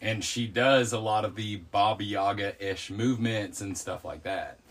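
A man's voice: on the low side, measured pace, fairly bright tone. A man in casual podcast chat, irreverent and joking, swearing freely.

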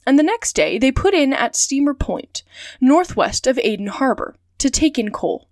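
A woman reads a classic adventure novel aloud for her story podcast, clear and steady from line to line. Her voice sits a little high, and the sound is close and dry. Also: moderate pace, no room sound.

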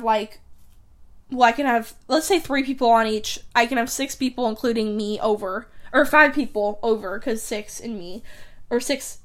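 Rambling young woman, chatty podcast host. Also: on the high side. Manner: rambling, filler-heavy, giggly, self-correcting. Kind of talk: casual solo podcast chat. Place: her bedroom, at home.

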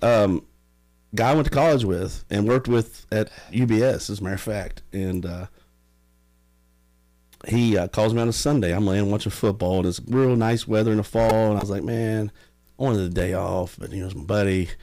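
A man casually telling stories, animated and often laughing. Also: fairly low pitch, moderate pace. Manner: animated, laughing, drawling storyteller. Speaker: podcast guest. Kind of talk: casual storytelling.

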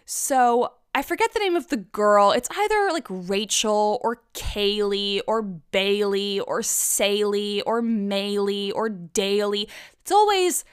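A woman's voice: mid-range voice, slow pace, few pauses, clean tone. A woman hosting a casual solo podcast, ranting in a profane, sarcastic way. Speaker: podcast host.

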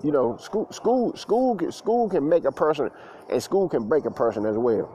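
A man's voice: fairly high pitch, expressive, normal speed, warm tone, muffled recording, a little hiss or hum. Slangy man telling stories casually. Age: adult, past school age. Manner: loose slangy talk with many fillers and repeats. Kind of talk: casual storytelling monologue.

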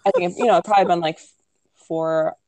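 A woman's voice: lowish voice, steady tone, brisk, dark tone, no room sound. A young woman casually telling a personal story in a chatty way, full of fillers, now and then acting out what people said. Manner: chatty, many "like" and "um" fillers, acts out quoted lines. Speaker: podcast co-host telling her birth story.

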